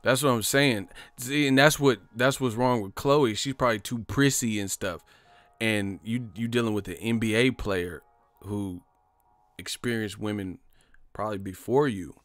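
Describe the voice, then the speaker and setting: At normal speed and with no echo, a man hosts a casual live stream, rambling and swearing. He laughs often and acts out movie lines in loud, high voices.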